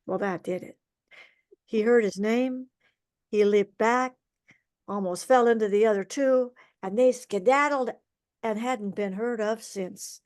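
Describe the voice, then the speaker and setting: Expressive woman telling a folk tale. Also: fairly high pitch, unhurried. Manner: lively, expressive, sound effects. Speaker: storyteller. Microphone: video call.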